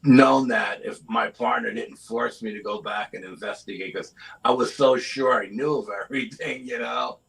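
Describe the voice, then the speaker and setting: A middle-aged man telling a story as a guest in a live interview, animated and often asking "you know?". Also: mid-range voice, moderate pace, gravelly, poor audio. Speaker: guest, cryptid investigator.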